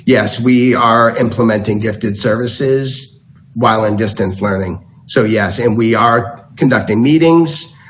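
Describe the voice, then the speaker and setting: A man presenting to a school board, speaking in a measured way with frequent fillers. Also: medium pitch, a little hiss or hum, low-quality recording. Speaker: school district official presenting. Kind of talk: formal presentation at a board meeting.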